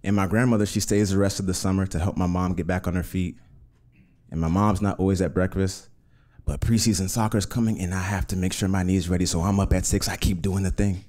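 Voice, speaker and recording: A man telling a personal story on stage in an earnest, measured way, in vivid present tense. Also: deep voice, steady tone, a little mellow. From Uganda.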